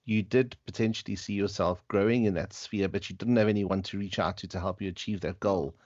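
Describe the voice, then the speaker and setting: Low-voiced male interviewer, hesitant delivery, dry lo-fi recording. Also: fairly even intonation, darkish tone, no echo. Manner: hesitant, halting questions with fillers. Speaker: podcast host. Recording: dull dry lo-fi sound.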